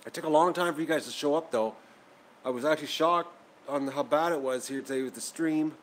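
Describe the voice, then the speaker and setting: Guy rambling on a farm stream, kinda high voice, faint noise behind. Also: brisk, rough recording. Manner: rambling, self-deprecating, talks to his animals. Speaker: vlogger raising ducks. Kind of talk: casual livestream chat.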